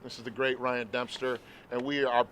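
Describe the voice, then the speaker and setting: A male show host speaking warmly and heartfelt to his guest, outdoors at a stadium. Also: medium pitch, flat delivery, moderate pace. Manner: effusive and heartfelt. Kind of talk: casual interview chat.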